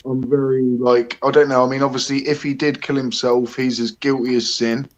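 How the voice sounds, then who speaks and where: A man's voice: medium pitch, flat delivery, normal speed. A man hosting a casual live stream, chatty and a little hesitant, greeting viewers by name. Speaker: livestream host.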